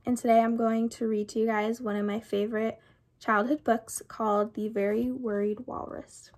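A young woman, a college volleyball player, reading a children's book aloud in a friendly, soft-spoken way. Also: fairly high pitch, level tone, normal speed. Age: young adult.

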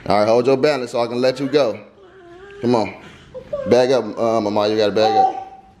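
A man's voice: medium pitch, steady tone, normal speed, very noisy. A young man vlogging at home, playfully coaxing his baby to walk while chatting to viewers. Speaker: vlogger parent. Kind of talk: casual family vlog. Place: family home.

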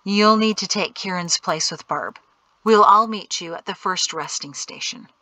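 A woman reading aloud voices a calm, knowledgeable male guide who explains things steadily. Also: high-pitched, a little slow, dry recording, full character voice, poor audio.

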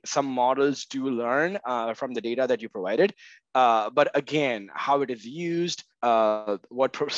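A man's voice: mid-range voice, dry recording, lo-fi sound. A man speaking as an interview guest in casual conversation, hedging with fillers and often asking "right?". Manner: many fillers, frequent "right?" checks. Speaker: guest, marketing tech co-founder.

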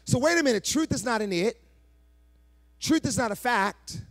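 A pastor preaching a live sermon, calling on his congregation to answer back and building to shouted, sing-song passion. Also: very high voice, expressive, normal speed. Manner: call-and-response preaching, prompting the congregation.

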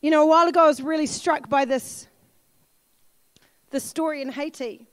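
High-voiced woman preaching a sermon. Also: steady tone, moderate pace, dry recording. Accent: New Zealand. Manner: earnest, pleading, rising to shouts. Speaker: pastor.

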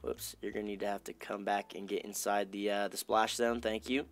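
A young gaming YouTuber talks casually over his own gameplay, addressing both himself and his fans. His voice is lowish and fairly quick, and his chatty, upbeat self-talk breaks into bursts of excitement.

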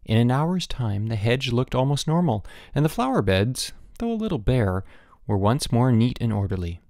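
A man narrating a children's audiobook in an expressive storytelling manner, changing his voice for different characters. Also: mid-range voice, moderate pace, no echo, studio quality.

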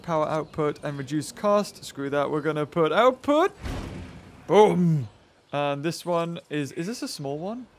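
A young man narrates his gameplay in a high, bouncy voice that swoops up and down as he chatters to himself. He hosts a gaming channel and keeps his commentary casual and excitable. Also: slight background noise.

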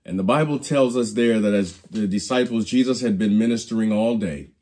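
A man's voice: fairly low pitch, fairly quick, mellow. A man teaching a Bible study lesson in a preacherly storytelling way, often repeating and restarting his phrases. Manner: preacherly storytelling, acts out quoted lines.

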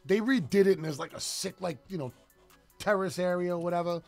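A man's voice: sits high, fairly quick, a little mellow, soft background music. A man co-hosting a radio show, telling stories in loose, profane casual banter. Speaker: co-host.

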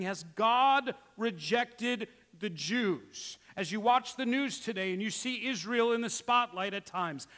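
A male pastor preaching a sermon, emphatic with rhetorical questions, moving between quiet asides and loud exclamations, in a church sanctuary. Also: high-pitched, in a large hall.

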